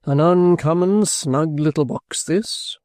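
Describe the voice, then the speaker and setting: A man's voice: on the high side, a little mellow, no echo, clean studio sound, voice pushed up. A man voicing a pompous theatrical actor who drawls his words grandly. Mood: hammy. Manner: slow, drawn-out, grandly theatrical.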